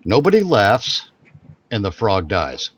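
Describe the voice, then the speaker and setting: A man's voice: fairly low pitch, huge pitch swings, takes it slowly, husky. A man co-hosting a podcast in casual chat, rambling, repeating and restarting his phrases as he goes. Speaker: podcast co-host.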